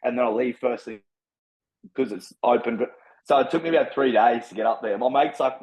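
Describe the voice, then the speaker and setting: A man's voice: mid-range voice, brisk, darkish tone, low-quality recording. An Australian man telling his story as a podcast guest, blunt and full of slang and swearing. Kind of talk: casual storytelling.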